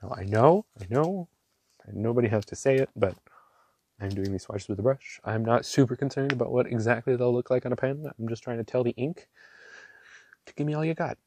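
A man gushing over ink swatches in a casual vlog, excitable and quick to laugh. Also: medium pitch. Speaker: ink reviewer. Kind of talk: casual show-and-tell vlog. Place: small home room.

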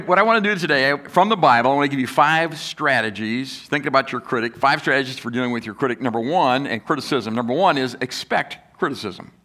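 A man's voice: medium pitch, bright, forceful tone. A man preaching a sermon as pastor, talking conversationally and asking the congregation questions. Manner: acts out critics' voices in quotes.

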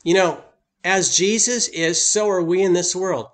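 Emphatic male preacher, higher-pitched voice. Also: a little slow. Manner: emphatic preaching, voice lifting on key points. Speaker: pastor. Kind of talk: sermon.

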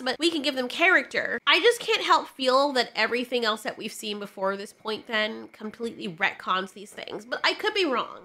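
Bright high-voiced woman doing casual reaction commentary, incredulous, swears a lot, voice jumps all over. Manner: animated, incredulous, laughing, profane asides. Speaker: video reviewer.

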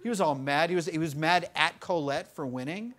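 A man in his twenties telling stories in a casual interview, animated, full of fillers and laughing often. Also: a little high, brisk. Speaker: interview guest. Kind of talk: casual storytelling. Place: bookstore event.

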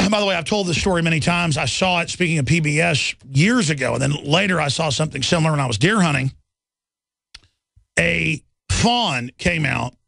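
A man's voice: on the high side, expressive, normal speed, creaky, sharp tone, no room sound. A middle-aged man hosting a radio talk show, delivering an indignant, rambling monologue full of repeated words and restarts.

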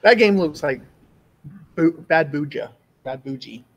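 A man co-hosting a casual gaming podcast, enthusiastic and profane, with halting restarts. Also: a little high, expressive.

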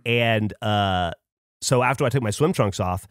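A man co-hosting a podcast, telling a long story in casual chat with lively, animated delivery and free swearing. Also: fairly low pitch, unhurried, clear, resonant tone, no room sound, clean studio sound. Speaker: podcast co-host.

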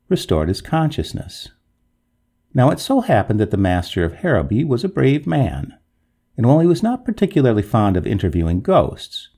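Gravelly man narrating a wry ghost story. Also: lowish voice, mellow. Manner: wry, dramatic reading.

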